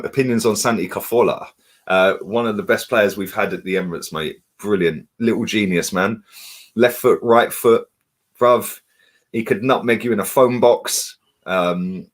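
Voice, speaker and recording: A young man, chatting casually on a live stream, reading out viewer comments and laughing often. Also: fairly low pitch. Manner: laid-back, laughs often, slang-heavy.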